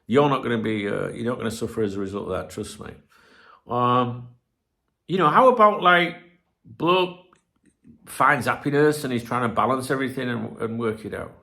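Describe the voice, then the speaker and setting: A man's voice: medium pitch, normal speed, vocal fry. A middle-aged man hosting a football channel, talking casually to his viewers in a cheeky, swear-filled rant. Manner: swears a lot, animated and cheeky. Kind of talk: casual ranting chat to viewers.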